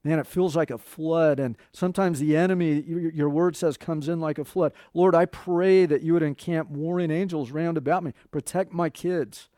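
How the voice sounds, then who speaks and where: A man's voice: fairly high pitch, steady tone, normal speed, few pauses, mellow, dry recording, clean studio sound. A middle-aged man preaching a sermon in a conversational way, quoting scripture and talking to his congregation. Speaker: pastor.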